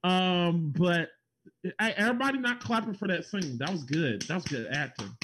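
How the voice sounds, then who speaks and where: A man's voice: high voice, lively intonation, normal speed, a bit bright. A man co-hosting a casual podcast, laughing often and swearing as he jokes with friends. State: numb mouth. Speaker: podcast co-host.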